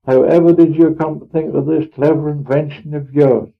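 A man quoting a gentle gracious queen. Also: on the high side, steady tone, moderate pace, gravelly. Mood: kindly. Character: gracious kindly elderly queen, soft-spoken. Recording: tinny phone-like old recording.

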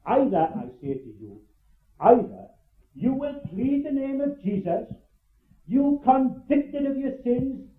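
An older man preaching a fervent evangelistic sermon, repeating phrases and swinging between urgent loud cries and hushed low asides. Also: very animated, slow. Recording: tinny, echoey old sermon tape.

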